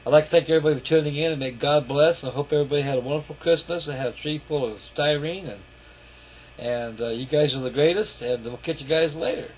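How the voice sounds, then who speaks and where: A man's voice: a little high, quick pace, a little hiss or hum. A man casually narrating a walk-around of his scale model, folksy and rambling, calling his viewers folks. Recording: lo-fi camera audio.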